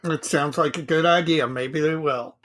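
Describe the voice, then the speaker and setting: A man's voice: a little high, steady tone, moderate pace, a bit bright. A man co-hosting a casual hobby podcast, chatting in an easygoing, self-deprecating way. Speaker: podcast co-host.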